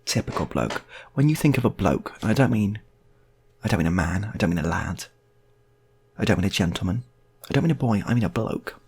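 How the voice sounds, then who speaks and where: A man's voice: lowish voice, lively intonation, a little fast, long pauses, darkish tone, slightly rough. A man improvising comic stories in a rambling, laid-back way, repeating himself. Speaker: storyteller.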